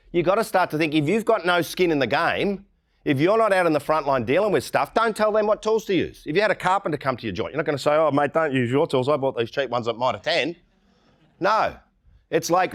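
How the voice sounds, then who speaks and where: A middle-aged Australian man giving a conference keynote talk, blunt and irreverent, often mimicking the people he mocks. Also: on the high side. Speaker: keynote speaker.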